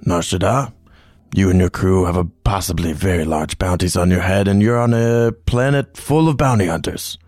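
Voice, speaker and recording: A man voicing a scheming older alien pirate, a father who talks smooth and sly. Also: deep voice, moderate pace, darkish tone, dry recording, clean studio sound, lightly acted.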